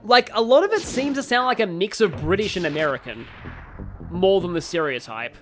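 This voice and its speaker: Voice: medium pitch, lively intonation, a little fast, soft background music. Chatty, rambling let's play streamer. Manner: rambling, chatty, many fillers, reads chat aloud. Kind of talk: casual let's play commentary. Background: game audio.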